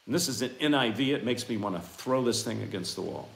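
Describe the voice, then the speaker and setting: A man preaching a fiery sermon, reading scripture and swinging from hushed asides to loud, impassioned outbursts. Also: mid-range voice, lively intonation, quick pace, gravelly. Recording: echoey room.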